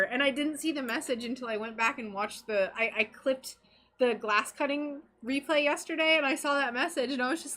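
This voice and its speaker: Talking to her chat while working on stained glass, a young streamer gushes in a bubbly, casual way. Her high voice is bright and forceful, at normal speed.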